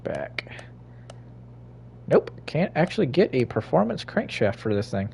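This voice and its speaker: A man's voice: big pitch swings, measured pace, gravelly, whispered. Swearing man narrating his gameplay. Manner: swears a lot, talks to himself and laughs; sudden loud high outbursts. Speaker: gaming streamer. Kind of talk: casual gameplay commentary.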